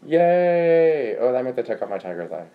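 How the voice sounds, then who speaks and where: A man's voice: mid-range voice, sing-song, normal speed, phone-quality sound. A young man hosting a casual livestream, chatty and rambling with lots of filler words. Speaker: livestream host. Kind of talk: casual chat.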